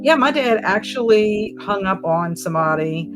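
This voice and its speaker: A woman hosting a relaxed live stream, chatting in a rambling way and reading out viewer comments. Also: medium pitch, normal speed. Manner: rambling, chatty, lots of fillers. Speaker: livestream host reading chat comments. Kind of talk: casual chat. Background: soft background music.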